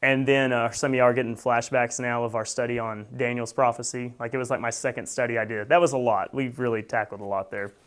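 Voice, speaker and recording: A man's voice: mid-range voice, level tone, fast, hardly any pauses, fairly bright tone. A man teaching a Bible study in a casual, conversational way, with many fillers, who reads scripture aloud with emphasis.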